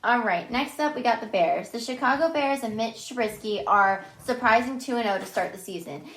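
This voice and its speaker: Brisk woman reading podcast questions. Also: on the high side, a bit bright, roomy sound, rough recording. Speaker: co-host asking questions. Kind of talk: reading prompts on a sports podcast.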